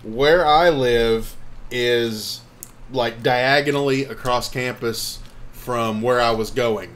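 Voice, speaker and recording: A man's voice: mid-range voice, a bit bright. A young man co-hosting a casual chat show, joking and rambling. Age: young adult. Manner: joking, rambling, quick to laugh. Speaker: co-host.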